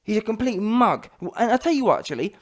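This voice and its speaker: A man's voice: high voice, big pitch swings, brisk. A man ranting in a heated, slangy, mocking way as a boxing commentary vlogger.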